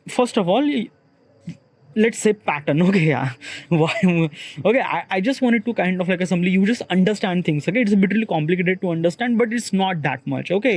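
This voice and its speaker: A man with an Indian accent, talking through ideas in an unscripted solo monologue, rambling and filling gaps with "okay, yeah". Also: sits high. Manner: rambling, constantly repeats "okay, yeah" and "kind of like"; searching for words, many restarts. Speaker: solo podcaster.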